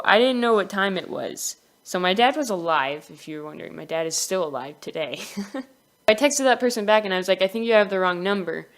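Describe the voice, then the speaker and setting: A woman's voice: mid-range voice, a bit bright, clear, resonant tone. A young woman casually telling a personal story for her animation channel, giggling often and acting out the quoted lines.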